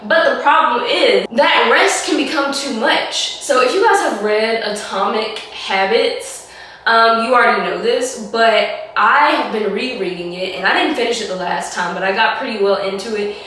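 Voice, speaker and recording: A young woman, hoarse from a cold, chatting casually to camera in a rambling way that is full of "like". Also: a little high, normal speed, sharp tone, slight background noise. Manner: chatty, rambling, heavy use of "like". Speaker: vlogger. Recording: echoey room, mic at a distance.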